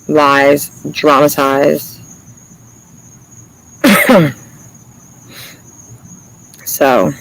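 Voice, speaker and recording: A man's voice: on the high side, gravelly, a bit bright, a little hiss or hum, low-quality recording. A man chatting casually to viewers on a livestream, rambling and swearing freely, laughing often.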